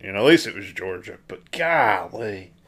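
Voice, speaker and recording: A man's voice: fairly low pitch, expressive, moderate pace, a bit bright, slightly rough. Blunt man venting about football. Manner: blunt, swears, vents. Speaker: co-host. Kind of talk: casual sports chat.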